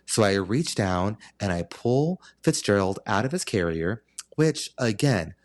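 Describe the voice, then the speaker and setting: Animated man telling a story. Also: on the low side, a little slow. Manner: animated, dramatic storyteller who acts out exchanges. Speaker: podcast host. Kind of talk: casual storytelling chat.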